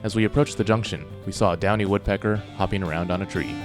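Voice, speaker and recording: A man narrating a hiking trip in a calm, measured scripted voice-over. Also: deep voice, over loud music. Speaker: narrator and hiker.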